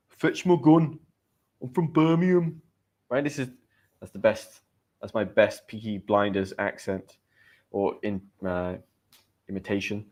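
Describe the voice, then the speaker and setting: A man with a British accent teaching English in a live stream. He chats casually with viewers, greeting them and reading their comments aloud. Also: fairly low pitch. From Great Britain.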